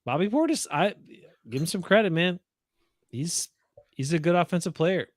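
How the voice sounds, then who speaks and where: A man talks sports in a blunt, rambling, opinionated way. His voice sits a bit high for a man. The sound is dry and close, with no room around it. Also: lively intonation, moderate pace, no echo. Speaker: podcast co-host. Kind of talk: casual sports chat.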